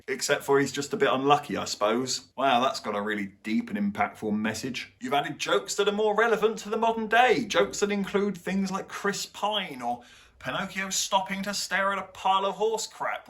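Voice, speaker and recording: A man's voice: mid-range voice, a bit bright. Blunt, sarcastic man reviewing films. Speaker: film reviewer. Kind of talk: opinionated film review.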